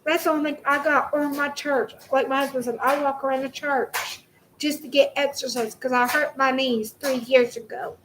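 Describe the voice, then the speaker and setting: Heated young woman, high voice, swearing, repetitive, home vlog, faint room noise. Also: fairly even intonation, moderate pace. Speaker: vlogger. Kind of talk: angry direct-to-camera rant.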